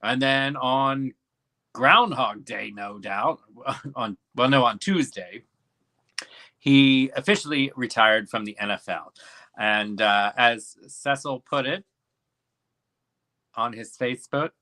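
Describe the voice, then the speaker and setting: A man's voice: medium pitch, takes it slowly, pauses often, bright, forceful tone. A man co-hosting a casual comedic chat show, teasing his guests and announcing to viewers. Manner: teasing, playful, announces to the audience. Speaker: co-host.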